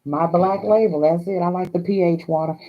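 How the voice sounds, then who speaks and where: A woman's voice: fairly low pitch, steady tone, fairly quick, highs cut off. An older woman from Hawaii hosting a crafting vlog, chatting in a folksy, chatty way and laughing often. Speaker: crafting channel host.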